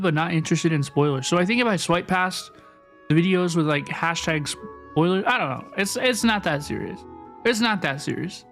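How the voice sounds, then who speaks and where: A young man streaming a video game, chatting playfully with his viewers and often repeating his phrases. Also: high voice. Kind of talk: casual live-stream chat while gaming.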